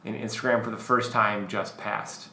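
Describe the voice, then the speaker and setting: A man with a lowish, bright, forceful voice co-hosts a casual podcast, rambling through his points with plenty of fillers. The room is roomy and echoey, with a faint hiss. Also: normal speed, creaky. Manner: relaxed, rambling, filler-heavy. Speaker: podcast co-host.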